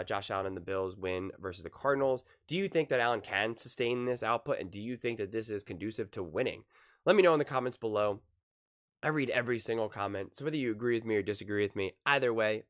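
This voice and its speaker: Low-voiced man, impassioned sports commentary. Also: fairly bright tone. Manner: impassioned, repeats words, many fillers and restarts. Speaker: sports commentary channel host. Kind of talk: casual opinion commentary to camera.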